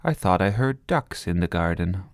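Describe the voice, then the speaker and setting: A man voicing a gentle, polite older woman neighbor in a storybook, kindly and a little prim. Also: deep voice, lively intonation, normal speed, dry recording, studio quality. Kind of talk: storybook reading.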